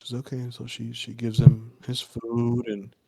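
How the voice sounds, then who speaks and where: A man's voice: mid-range voice, monotone, measured pace, vocal fry, mellow, slightly rough. A man casually telling a folk story on a podcast, swearing often and rambling with lots of fillers. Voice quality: loose, profane, rambling with many fillers. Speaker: podcast co-host.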